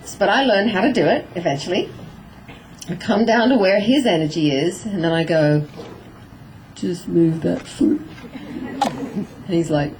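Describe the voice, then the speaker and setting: A middle-aged woman giving a lively talk on horse training to an audience, acting out little exchanges with her horse. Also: lowish voice, moderate pace, a little hiss or hum, low-quality recording. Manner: animated, acting out voices of herself and her horse.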